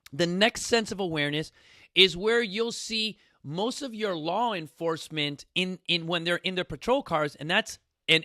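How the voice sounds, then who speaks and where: A man hosting a casual talk for a studio audience, animated, often calling out "you guys" and acting out quotes. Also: high voice, dry recording. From New York City. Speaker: fitness coach hosting a talk.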